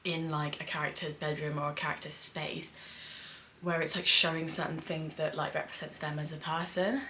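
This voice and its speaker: A young British woman, working as a screenwriter, rambles through a casual vlog reacting to a show, swearing and leaning on fillers. Her deep voice is level, bright, and forceful at a moderate pace, recorded at home with the windows open on a hot day, with slight background noise.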